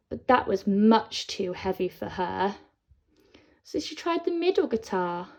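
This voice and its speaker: Slow, sing-song woman teacher. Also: mid-range voice, a little mellow. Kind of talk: storytelling for children. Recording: dull lo-fi sound.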